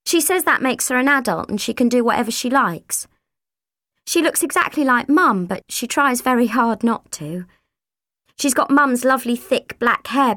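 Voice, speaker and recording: A woman narrates an audiobook in a slightly high voice. She reads expressively and shifts her voice for each character, close to a dry studio mic. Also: a bit bright, no room sound.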